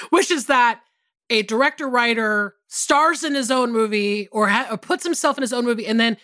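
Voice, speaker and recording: Woman cohost chatting and laughing, bright voice, dry close sound. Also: fairly high pitch, normal speed, dry recording. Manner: laughs often, animated. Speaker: podcast co-host. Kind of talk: casual chat.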